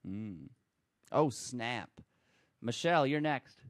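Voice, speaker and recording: A man hosting a casual car podcast, running quick quiz rounds and joking with his panel. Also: medium pitch, expressive, no echo.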